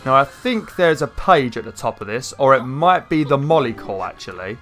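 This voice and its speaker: A man giving casual gameplay commentary, chatty and rambling, with an irritated throat that he keeps clearing. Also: medium pitch, lively intonation, moderate pace, fairly bright tone, soft background music. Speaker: gaming YouTuber.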